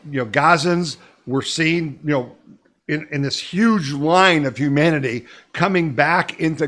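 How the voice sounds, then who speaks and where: A man's voice: fairly high pitch, a bit bright. A man hosting a weekly news podcast, talking emphatically and urgently and pressing listeners to act. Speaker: podcast host.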